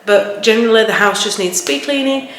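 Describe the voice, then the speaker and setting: A woman's voice: on the high side, brisk, fairly bright tone. A young woman with a broad Yorkshire accent talks in a loose, rambling way, full of fillers. Her voice bounces around a hard, echoey kitchen. A faint hiss sits behind it. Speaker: cleaning vlogger. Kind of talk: casual vlog chat. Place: home kitchen. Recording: echoey room with faint background noise.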